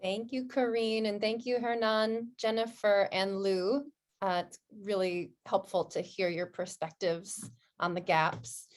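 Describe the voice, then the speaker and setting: A woman hosts a webinar in a friendly, measured voice. She keeps her pace unhurried so listeners can follow along. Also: medium pitch, little pitch movement. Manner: friendly, measured, speaks slowly for the audience. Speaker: webinar host. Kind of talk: moderated webinar discussion.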